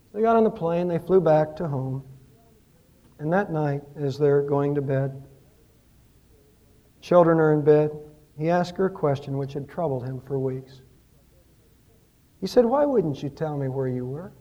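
A pastor preaching a sermon, telling stories and rising and falling in emphasis. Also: male voice, fairly high pitch, normal speed, pauses often, dark tone, muffled recording.

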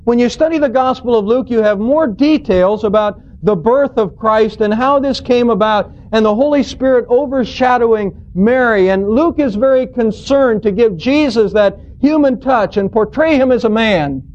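A man's voice: very high-pitched, moderate pace, hardly any pauses, a little mellow. A man preaching a sermon as a pastor, teaching through scripture in an earnest, storytelling, emphatic way. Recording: dull lo-fi recording.

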